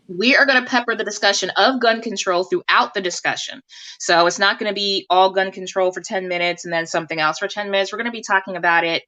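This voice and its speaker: A woman hosts a live-stream talk show in a lively, chatty way. She laughs easily as she talks. Her voice is bright and clear. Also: fairly low pitch. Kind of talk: casual live-stream hosting.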